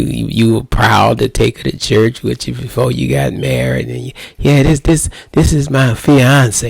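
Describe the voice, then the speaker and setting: A pastor with a creaky, husky, medium-pitched voice gives husbands folksy marriage advice, playful and conversational, acting out little scenes. There's no echo.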